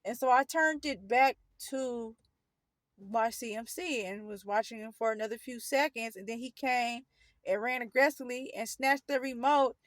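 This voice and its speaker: A woman's voice: a little high, moderate pace, dry recording. A woman casually recounting a painful personal story, rambling and correcting herself as she goes. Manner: rambling, self-correcting, earnest retelling. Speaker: storyteller vlogger.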